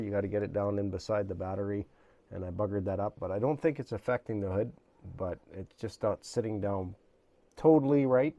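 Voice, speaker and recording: Low-voiced man, rambling hobby talk. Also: creaky, warm tone, no echo. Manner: rambling, many fillers and restarts. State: slightly hoarse, losing his voice. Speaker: RC hobby channel host. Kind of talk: casual build walkthrough. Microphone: camera mic, at times handheld camera.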